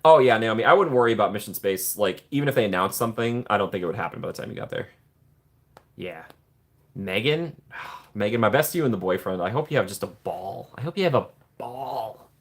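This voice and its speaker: A man hosting a casual live stream, chatting warmly with viewers and greeting them by name from the chat. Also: on the low side, fairly quick. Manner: playful put-on excited voices when joking. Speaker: livestream host reading chat.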